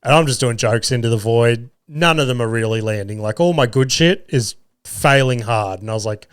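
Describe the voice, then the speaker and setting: A man's voice: mid-range voice, moderate pace, clear, resonant tone. A young man hosting a podcast, telling a long funny story with lots of swearing and laughter. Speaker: podcast host. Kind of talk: casual storytelling.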